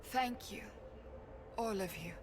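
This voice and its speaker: A woman's voice: medium pitch, slow pace, noisy background, lightly acted. An actress playing an earnest, resolute female companion in a video game, speaking with determination. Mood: heartfelt.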